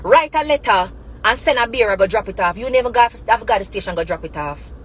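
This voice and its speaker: A woman's voice: mid-range voice, lively intonation, quick pace, slight background noise, low-quality recording. A woman with a Jamaican accent giving impassioned spoken commentary as a channel host, emphatic and repetitive, mixing Patois and English.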